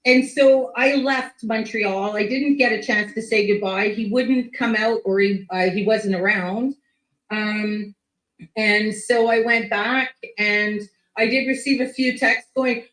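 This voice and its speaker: A woman guest telling a story in casual chat, lively and full of quoted speech and swearing. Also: a little high, takes it slowly. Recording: echoey room.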